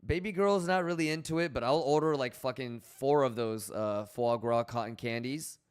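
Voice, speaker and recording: A young man live-streaming in a loose, rambling way, chatting casually and shouting out viewers by name. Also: medium pitch, normal speed, smooth. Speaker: livestreamer.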